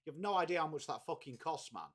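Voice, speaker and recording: A man's voice: on the high side, animated, fast, a bit bright. A man from England, hosting a casual live watchalong stream, chatting, swearing freely and greeting viewers by name.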